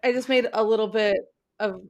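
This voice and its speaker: A woman's voice: a little high, steady tone, brisk, darkish tone, highs cut off. A woman co-hosting a casual book podcast. She lays out her views thoughtfully, with lots of likes and ums. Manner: thoughtful, opinionated, many fillers. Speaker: podcast co-host. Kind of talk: casual book club chat.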